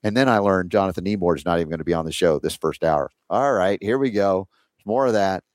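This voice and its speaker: A man's voice: low-pitched, fast talker, darkish tone, no room sound, clean studio sound. A man hosting a talk show, chatting casually and rambling with many fillers and restarts. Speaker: radio show host.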